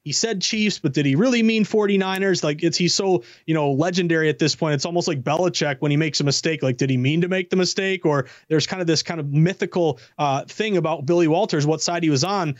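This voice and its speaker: A man's voice: on the high side, fast talker, hardly any pauses, dry recording, highs cut off. A man, a sports betting analyst, talking eagerly and self-deprecatingly as a guest in a casual chat.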